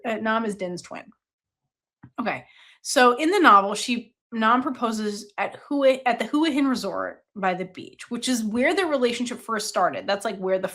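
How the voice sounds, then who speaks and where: Woman, book review host, casual chat, animated, wide-ranging pitch, fairly high voice, frequent laughter, casual swearing. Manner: laughs often, animated retelling with quoted dialogue.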